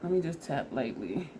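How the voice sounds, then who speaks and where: A woman beauty vlogger, laughing at herself and sniffly and teary due to allergies, chats casually as she tries on makeup step by step. Her voice is low-ish with a darkish tone, and there's a little hiss or hum.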